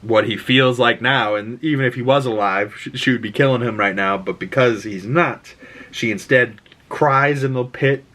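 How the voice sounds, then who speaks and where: A man recapping a TV episode in an excitable, rambling way, full of fillers and swearing. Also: mid-range voice, moderate pace. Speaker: pop culture podcast host.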